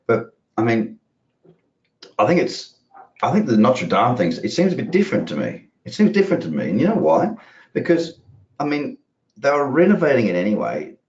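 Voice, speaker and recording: A man with a mid-range, darkish voice talks at a normal speed, his pitch swinging wildly. He's a trading educator doing live market commentary, chatty, rambling and casually profane. The audio is roomy, dull and lo-fi.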